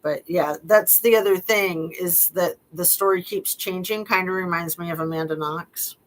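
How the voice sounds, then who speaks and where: A woman's voice: fairly low pitch, normal speed, few pauses, poor audio. Wry middle-aged woman commentator. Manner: wry, skeptical asides with frequent fillers. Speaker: true-crime commentator. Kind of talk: casual commentary while reading text messages aloud.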